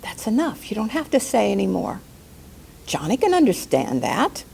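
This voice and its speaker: A woman life coach giving a calm spoken lesson, slowing down to stress key words and acting out quoted outbursts in a raised voice. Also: vocal fry, slight background noise. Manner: calm, gentle delivery with slow deliberate emphasis; acts out quoted outbursts in a higher, louder voice. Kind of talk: spoken teaching talk.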